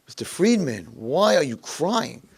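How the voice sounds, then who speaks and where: A man's voice: fairly high pitch, big pitch swings, a little slow, vocal fry, husky, voice pushed up, full character voice. A man voicing a kind, upbeat old man in a wheelchair who talks with coaxing enthusiasm. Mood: firm.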